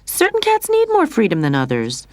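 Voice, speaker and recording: Woman doing a cautious boy kitten, stammering and fretful, a touch high. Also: huge pitch swings, normal speed, a little mellow, no echo. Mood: pleading. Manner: anxious, stammering. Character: young male kitten, worried little brother.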